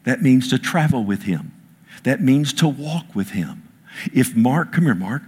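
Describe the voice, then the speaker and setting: Male pastor, husky mid-range voice, preaches with big dynamic swings and calls for amens. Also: mid-range voice, animated, measured pace. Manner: dramatic preacher, swings from loud declaring to hushed whispers; quotes scripture and asks the crowd for amens. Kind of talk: sermon with audience interaction.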